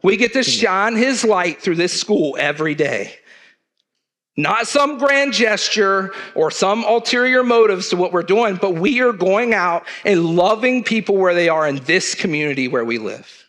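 Male church leader, middle-aged, higher pitch, earnest conversational sermon. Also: animated, unhurried, fairly bright tone. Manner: earnest, conversational preaching with southern turns of phrase.

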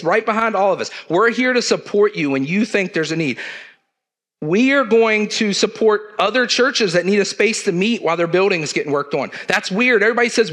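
A middle-aged church leader preaches a sermon to his congregation in an earnest, conversational way, sprinkling in southern turns of phrase. His voice is high-pitched and a bit bright.

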